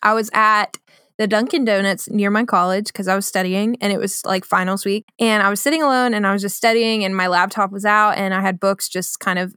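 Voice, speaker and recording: A woman's voice: mid-range voice, fairly quick, clean tone, no echo, studio quality. A woman in her twenties telling a story in casual podcast chat, acting out the voices of the people in it. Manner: animated, acts out voices in her stories.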